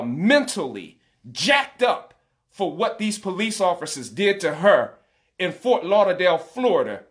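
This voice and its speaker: Middle-aged American man, higher pitch, furious parent's rant to camera. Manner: indignant, repetitive, building to shouted emphasis. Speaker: father. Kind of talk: angry direct-to-camera rant.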